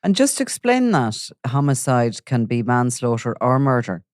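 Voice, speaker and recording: A man's voice: mid-range voice, sing-song, normal speed, no room sound, studio quality. A man, hosting a podcast and summarizing the case before asking his guest questions. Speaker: podcast host. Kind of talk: podcast discussion.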